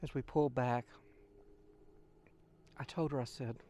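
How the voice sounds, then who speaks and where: A man's voice: mid-range voice, fairly even intonation, normal speed, long pauses, dark tone, a little hiss or hum. An older man, a channel host, telling a heartfelt personal story straight to his listeners. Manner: heartfelt, addresses listeners as folks.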